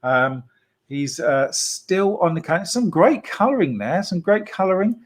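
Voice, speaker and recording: A man with a slightly high voice hosts a children's church club, talking casually to kids and families. He is playful and talkative, laughs easily, and stops often for an um or uh. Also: sing-song, measured pace. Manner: chatty and playful, with frequent laughs and fillers. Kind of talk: casual online hosting for children.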